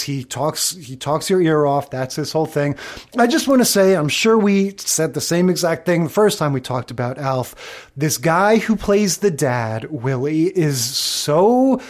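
A man with a notably high voice, co-hosting a casual podcast. He talks with enthusiasm and rambles. Now and then he acts out a line for effect. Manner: chatty, enthusiastic, acts out lines from shows. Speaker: podcast co-host. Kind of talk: casual chat.

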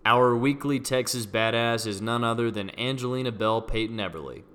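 A man's voice: mid-range voice, normal speed, a bit bright, a little hiss or hum. A man co-hosting a podcast, bantering casually and presenting a weekly segment. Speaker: podcast co-host. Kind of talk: casual chat.

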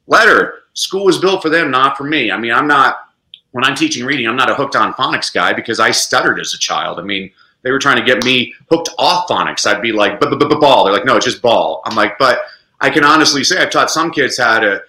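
Man, lively swooping pitch, bright voice, echoey room, expressive interview talk. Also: brisk. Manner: lively, expressive, sweeps into high pitch for emphasis. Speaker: podcast guest, educator.

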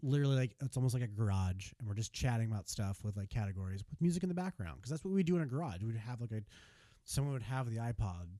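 Rambling, animated American man on a podcast. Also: medium pitch, very fast, no room sound. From United States. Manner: rambling, animated, many restarts and self-corrections. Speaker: podcast co-host. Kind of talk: casual chat.

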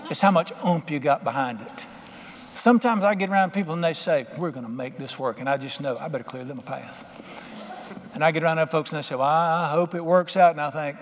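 A man's voice: fairly high pitch, quick pace, a little hiss or hum. A man preaching a sermon as pastor, exhorting his congregation and leading call-and-response. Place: church sanctuary. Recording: long hall reverb with faint music.

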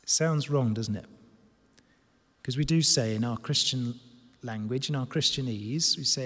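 A man preaching a sermon in a church hall, animated and emphatic, moving from loud emphasis to hushed stress. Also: mid-range voice, a little slow, pauses often. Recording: long reverb of a large hall.

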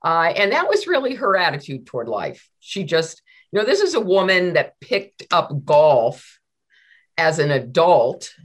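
A middle-aged woman, a law professor, telling stories in a conversational interview, animated and full of restarts. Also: low voice, a little slow. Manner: animated, many restarts and repeated words.

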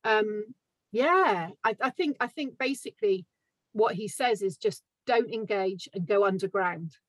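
A woman author being interviewed as a podcast guest, talking in a relaxed, reflective way with lots of fillers and small laughs. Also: mid-range voice, a little slow, no room sound, low-quality recording. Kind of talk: casual podcast chat.

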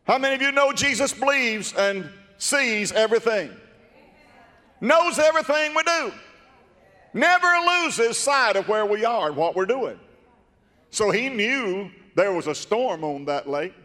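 High-voiced preacher in a reverberant hall. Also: male voice, lively intonation, normal speed. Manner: fervent, storytelling, rises to emphatic shouts. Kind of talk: sermon. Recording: long reverb of a large hall.

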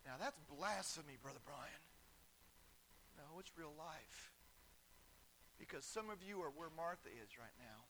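A man preaching a sermon as pastor, building to loud bursts and dropping into folksy asides. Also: on the high side, animated, measured pace, long pauses, rough recording.

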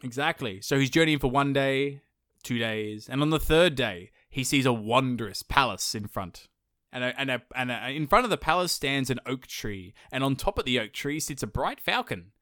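A man's voice: medium pitch, moderate pace, few pauses, no echo. Male podcast host, comic storyteller, dry close mic. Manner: acts out characters in lively put-on voices. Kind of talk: casual comedic storytelling.

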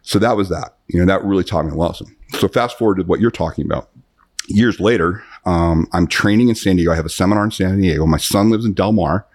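A man in his fifties, a guest in a podcast interview, telling long animated anecdotes with many restarts. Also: deep voice, fast talker. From United States. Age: 50s. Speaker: guest, self-defense author.

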